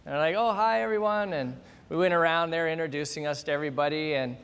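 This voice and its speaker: A middle-aged man preaching in a church, his voice sitting high for a man. He tells a funny story with lively acting-out, and his words ring with a long hall reverb. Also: fast talker, clean tone. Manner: animated, humorous storyteller acting out scenes. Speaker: pastor. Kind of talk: storytelling sermon.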